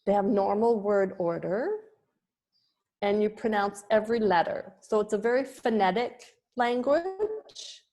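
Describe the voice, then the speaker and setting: A woman giving a yoga lesson at a very slow, unhurried pace, pausing often between phrases. She hesitates with ums and restarts as she works through her presentation notes. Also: medium pitch, animated, warm tone. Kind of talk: slow spoken lecture with pauses.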